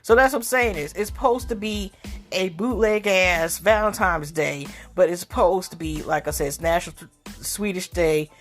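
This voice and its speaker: Rambling woman podcaster, low voice. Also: moderate pace, faint music behind. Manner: rambling, slangy, many fillers and restarts. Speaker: podcast host. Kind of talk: casual solo podcast chat.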